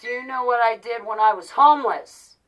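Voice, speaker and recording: A woman in her forties speaks straight to her viewers in a heated, exasperated monologue. She repeats herself as she pleads and complains. Her voice sits fairly high, and she is a little far from the microphone. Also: fairly quick, highs cut off. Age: 40s. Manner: exasperated, ranting, repetitive pleading. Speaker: vlogger.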